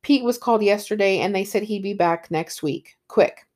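A woman's voice: mid-range voice, moderate pace, darkish tone, natural voice. Woman reading a chattering suburban housewife, repetitive and carefree. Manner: repetitive, breezy and careless.

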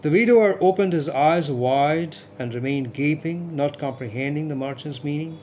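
A man narrates a classic story in a steady, measured manner. His voice sits a little high for a man, and a faint hiss runs underneath. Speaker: audiobook narrator.

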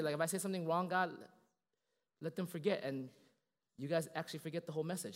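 A male pastor giving a casual, animated sermon full of fillers and self-deprecating jokes. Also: on the high side, a little fast, long reverb tail.

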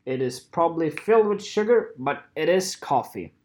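A man's voice: a little high, normal speed, background noise. Rambling Swedish-accented man vlogging. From Sweden. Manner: rambling, animated, jokey asides with playful voices. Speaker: photographer. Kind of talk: casual vlog monologue.

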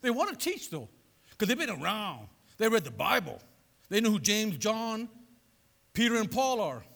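A man preaching a sermon as pastor, animated and conversational, throwing asides to his congregation. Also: sits high, normal speed, gravelly. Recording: long reverb of a large hall.

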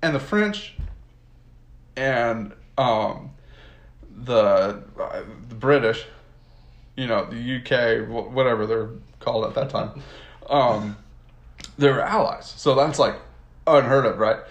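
A man's voice: medium pitch, slow, long pauses. Rambling, laid-back American man in a roomy space. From United States. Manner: rambling, full of "like" and laughs, slangy. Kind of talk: casual history retelling. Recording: roomy echo.

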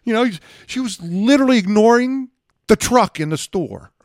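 A man, a podcast guest, telling a wild personal story in an animated, profane way. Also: high voice, unhurried, no echo, clean studio sound. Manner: profane, excitable, acts out dialogue. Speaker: guest, former combat controller.

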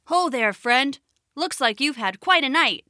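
A woman voicing a calm, wily male frog in a storybook, talking in an unhurried, knowing way. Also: sits high, dry recording, studio quality, heavily acted.

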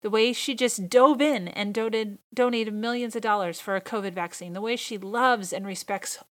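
On her own podcast, a woman host talks alone and casually at normal speed in a mid-range voice. Her delivery is enthusiastic, gushing fan talk throughout.

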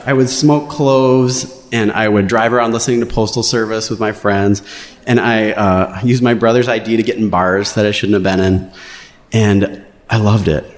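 A man with a fairly low voice tells a personal story on a stage. He is wry and animated and jumps up in pitch when he acts out other people's lines. The sound carries a long, roomy hall reverb. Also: normal speed. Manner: wry, animated, playing quotes in raised voices.

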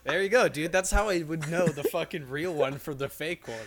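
A man's voice: fairly high pitch, fairly quick, crowd noise. A young man chatting loosely with a friend, his sentences full of fillers and restarts. He swears casually and wanders through a point before getting to it. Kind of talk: casual chat.

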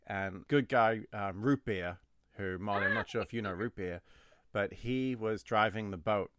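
Casting: lower-voiced male podcast host, animated storyteller, dry close sound. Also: moderate pace, no echo. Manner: animated storyteller, laughs often. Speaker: podcast host, former camp counselor. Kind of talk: casual storytelling chat.

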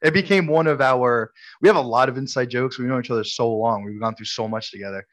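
A Brooklyn, New York man co-hosts a podcast, telling a story among friends in a casual chat and laughing a lot. His voice sits in the middle range and he talks fast. The recording sounds muffled.

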